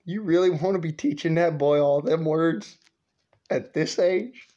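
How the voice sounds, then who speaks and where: A man's voice: fairly high pitch, unhurried, dark tone, dull audio, pitched above the performer's own voice, lightly acted. A man voicing a male God as a folksy, kindly chiding elder. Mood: gently chiding. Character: God, male, gently scolding fatherly elder.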